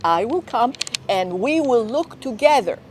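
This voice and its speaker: A woman voicing a kind male family friend who soothes a child in slow, gentle, reasoning tones. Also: a little high, animated, a little hiss or hum. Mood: soothing.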